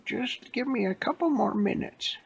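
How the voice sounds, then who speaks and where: A man voicing an indecisive old woman in a spoken made-up story, in a high, wavering old-lady voice. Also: animated, moderate pace, gravelly, breathy edge, muffled recording, full character voice. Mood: dithering. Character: dithering old woman, a disguised robot.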